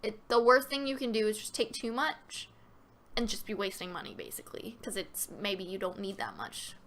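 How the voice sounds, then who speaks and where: Woman, live-stream Q&A host, casual and chatty, bright sharp tone, lots of filler words. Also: mid-range voice, expressive, normal speed, slight background noise. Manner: chatty and loose, many fillers and restarts; reads viewer questions aloud. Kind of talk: casual live-stream Q&A, answering viewer questions.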